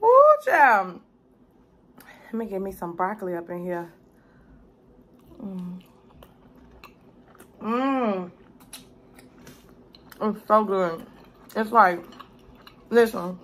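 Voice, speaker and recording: Her voice sits at medium pitch with a steady tone, and she talks slowly with frequent pauses. A cooking vlogger doing a laid-back mukbang, she's profane and chatty, loud and salty, and she refers to the viewer as "baby" while commenting on her food.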